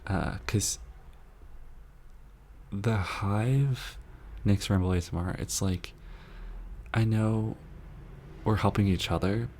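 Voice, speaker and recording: Man, soft-spoken ASMR chat host, deep voice, gravelly fry, earnest rambling, slips into whispers. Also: slow, long pauses, a little hiss or hum. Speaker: ASMR channel host reading viewer messages.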